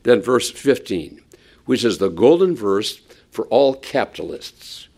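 A man preaching a sermon, retelling a Bible parable in an animated storytelling manner. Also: on the low side, a little slow, creaky. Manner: animated storytelling, acts out quotes.

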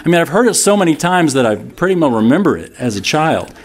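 A man in his fifties preaching a sermon in a relaxed, conversational way, mixing humorous stories with scripture. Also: on the high side, quick pace. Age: 50s. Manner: conversational, humorous storytelling with laughs from the congregation. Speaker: pastor.

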